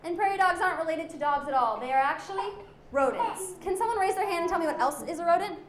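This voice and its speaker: A woman's voice: extremely high pitch, expressive, fast talker, echoey room, a crowd in the background. A woman presenting animals to a young audience as a zoo educator, playful and full of questions for the children.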